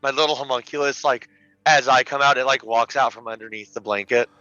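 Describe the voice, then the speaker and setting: A man's voice: mid-range voice, fairly even intonation, a little fast, bright, forceful tone, no echo. A man playing a tabletop game, chatty and hesitant, with many fillers. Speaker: player. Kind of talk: casual tabletop play. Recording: dull lo-fi sound with faint music.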